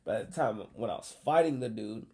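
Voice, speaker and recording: A man casually telling a story, animated and profane, acting out what people said. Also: fairly low pitch, fast. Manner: animated, profane, acts out quotes.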